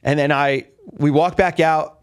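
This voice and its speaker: A man's voice: a little high, steady tone, unhurried, clean tone, no echo. Rambling man recapping fights, dry sound. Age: adult with a father. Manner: rambling storyteller with many restarts and fillers. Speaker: podcast host. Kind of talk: casual chat.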